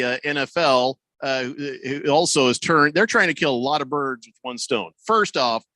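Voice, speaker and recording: A man's voice: fairly high pitch, pushed and bright, no echo. A man hosting a sports talk radio show, chatting casually and animatedly, tossing in mocking impressions.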